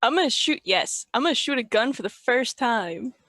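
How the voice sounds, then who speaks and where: A woman with a fairly high voice plays in a tabletop game, sounding upbeat and playful. The sound is dry and close, with no room echo. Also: animated, moderate pace, a bit bright. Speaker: player. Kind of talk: casual tabletop game chat.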